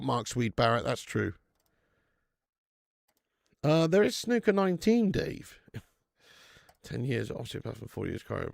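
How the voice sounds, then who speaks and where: A man's voice: mid-range voice, gravelly, dry recording, studio quality. A man hosting a fan football watch-along stream, chatting casually, rambling and swearing freely while reading out viewer comments.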